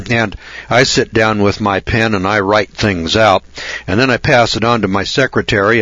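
A man's voice: lowish voice, a bit bright, no room sound. A man preaching a sermon in a folksy, emphatic way, repeating key phrases for weight. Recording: dull, dry lo-fi recording.

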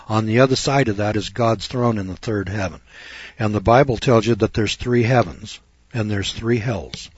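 A middle-aged man lectures on scripture in a folksy, sarcastic, storytelling manner. His voice is husky and sits at an ordinary pitch. The recording is dry and dull, with a lo-fi sound. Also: no echo. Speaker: lawyer teaching scripture.

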